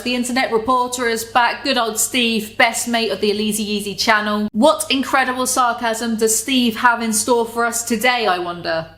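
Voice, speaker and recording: A woman's voice: on the high side, fairly bright tone. A woman giving chatty, sarcastic video commentary, swearing now and then. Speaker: commentary YouTuber.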